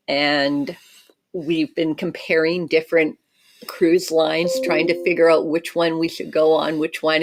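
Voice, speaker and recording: A middle-aged woman from Canada co-hosting a casual cruise livestream, chatty and laughing often as she reads viewer comments. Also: sits low.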